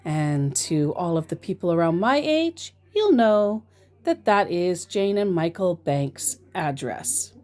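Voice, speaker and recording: A woman telling stories of her chats with scammers in a casual vlog, wry and joking, with many pauses and fillers. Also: fairly low pitch, very animated, a little mellow.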